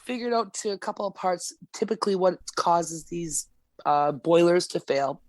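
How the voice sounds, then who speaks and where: A woman's voice: on the low side, moderate pace, no echo. Blunt, profane woman telling stories. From Alberta, Canada. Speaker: gas service technician, podcast guest. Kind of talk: casual podcast storytelling.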